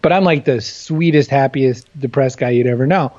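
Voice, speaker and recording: A man's voice: medium pitch, moderate pace, darkish tone, dry recording, highs cut off. A man talking candidly and with humor as an interview guest, often self-deprecating. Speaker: guest author. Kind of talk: casual interview chat.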